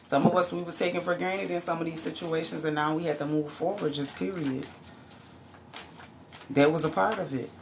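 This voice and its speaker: A woman's voice: sits low, fairly even intonation, normal speed, gravelly, background noise. A woman giving a casual, profane tarot reading to her viewers, who often breaks into laughs and exclamations. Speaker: tarot reader.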